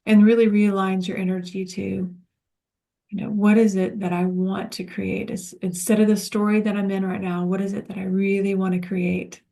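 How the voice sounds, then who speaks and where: A woman leading a spiritual self-help class, speaking in a gentle, soothing, reflective way. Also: medium pitch, flat delivery, normal speed, vocal fry. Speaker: course facilitator.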